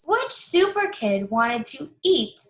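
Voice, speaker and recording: Teacher lady, slightly high voice, slow and patient, says the words over and over. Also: very animated, fairly bright tone. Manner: patient, repeats key words slowly. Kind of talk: guiding a class through a workbook.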